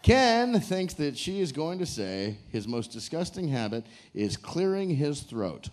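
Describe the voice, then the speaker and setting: A man's voice: fairly high pitch, big pitch swings, measured pace. A man hosting a live game show on a cruise ship stage, joking with couples and teasing them. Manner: joking, teasing, hypes the crowd.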